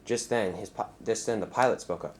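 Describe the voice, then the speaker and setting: A man's voice: lowish voice, a little fast. A man narrating a fan-made story in a plain storytelling way, with restarts.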